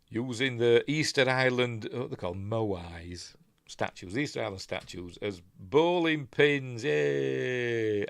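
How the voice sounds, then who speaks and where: Yorkshire guy chatting through a movie review, lowish voice, rambly, mumbles asides. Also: dry recording. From England. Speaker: film reviewer. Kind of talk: casual film commentary.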